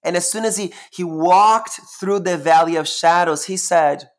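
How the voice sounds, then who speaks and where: A spiritual teacher hosts a solo live-streamed talk, preaching in a sassy, emphatic way and repeating phrases for emphasis. His voice is high-pitched and a little slow, and at times he comes close to tears.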